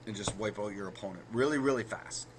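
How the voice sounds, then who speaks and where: A man's voice: lowish voice, fast, very noisy. A man co-hosting a card game podcast, walking through the math of card plays step by step and correcting himself as he goes. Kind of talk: casual explanatory chat.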